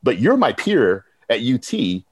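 Unhurried and slightly rough, this Texas professor's medium-pitched voice carries no echo as he tells stories in a casual interview. The program director is animated, quoting what others said in lively bursts.

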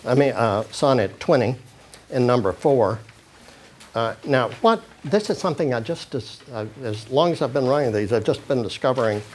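Halting male lecturer full of fillers. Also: medium pitch, darkish tone. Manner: halting, many fillers and restarts; reads quoted passages then comments casually. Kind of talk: informal lecture reading from handouts.

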